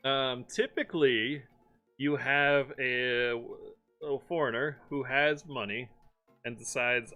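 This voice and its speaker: A man's voice: medium pitch, measured pace, sharp tone, lo-fi sound, soft background music. A young man from Maryland chatting casually on a live stream, laughing often and slipping into playful impressions as he tells stories. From Maryland, USA. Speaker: streamer host. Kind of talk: casual chat.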